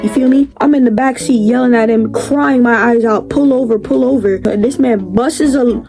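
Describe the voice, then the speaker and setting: A young adult woman telling a storytime vlog story, animated, exclaiming and swearing freely. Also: fairly high pitch, normal speed. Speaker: vlogger. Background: background music.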